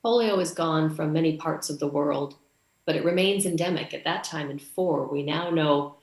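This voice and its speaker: A woman's voice: low-pitched, moderate pace, roomy sound. A woman from Canada giving a conference speech, telling a story and acting out the dialogue. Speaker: conference speaker.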